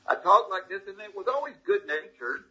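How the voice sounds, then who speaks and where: Husky Southern man with a thick drawl. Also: high voice, very animated, a little fast, sharp tone. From Georgia, US South. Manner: folksy, good-natured anecdotal delivery. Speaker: comedian guest. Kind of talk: casual interview storytelling. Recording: slightly dull lo-fi audio.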